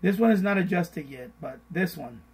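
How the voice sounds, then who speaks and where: A middle-aged man hosting a finance live stream, repeating his points in a casual, animated way and mimicking panicked voices. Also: fairly high pitch, moderate pace, slightly rough, rough recording.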